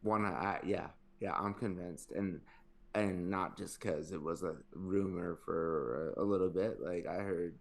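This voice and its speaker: A man co-hosting a podcast in casual chat, throwing in wry, deadpan jabs. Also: deep voice, unhurried, creaky. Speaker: podcast co-host.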